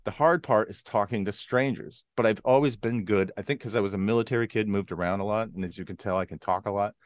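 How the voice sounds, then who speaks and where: A man from Arizona, a comedian guest, telling stories in a casual podcast chat with an animated delivery, now and then jumping into voices. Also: on the low side, quick pace. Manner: animated storyteller, jumps into character voices.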